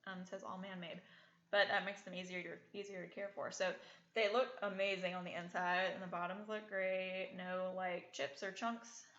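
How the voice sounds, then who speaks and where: A woman's voice: fairly low pitch, flat delivery, normal speed, a bit bright. A young woman in her twenties, a reseller vlogger, chatting casually through an unboxing and thinking aloud with lots of fillers. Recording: echoey room, dull lo-fi sound.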